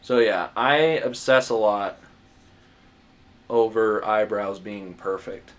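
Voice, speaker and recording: A man's voice: fairly low pitch, slow. A man giving a casual drawing tutorial as he sketches, rambling, muttering asides to himself, self-mocking and swearing now and then. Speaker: art tutor.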